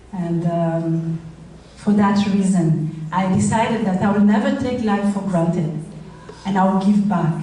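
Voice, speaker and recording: A middle-aged woman from Rwanda with a French accent, giving a halting speech as a charity founder at a gala. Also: mid-range voice, mellow, a little hiss or hum. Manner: halting, with many fillers. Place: event hall. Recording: roomy hall audio from far off.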